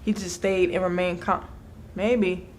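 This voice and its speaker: A podcast co-host in casual chat, speaking reflectively and encouragingly, often checking in with the listener with a quick "right?". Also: medium pitch, steady tone, slight background noise.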